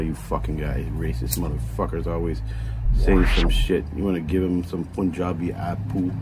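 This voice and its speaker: Profane ranting man, noisy recording. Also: low-pitched. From Canada. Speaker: YouTube reaction host. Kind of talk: profane fan reaction rant.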